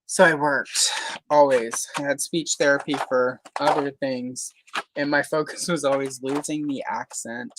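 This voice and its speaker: A woman's voice: rumbling low, steady tone, a little slow, background noise. A woman from Louisiana hosting a casual livestream chat, talking in a chatty way with many fillers and careful, neutral speech. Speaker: host.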